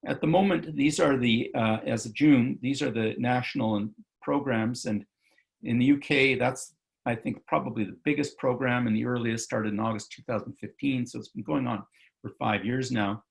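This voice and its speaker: A man's voice: mid-range voice, moderate pace, creaky. A male physician giving an online medical lecture over slides, talking loosely with many fillers and self-corrections.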